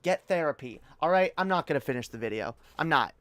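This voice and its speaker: A woman's voice: sits low, animated, fast talker. A woman streaming a reaction video, ranting heatedly and profanely with frequent restarts. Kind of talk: livestream rant.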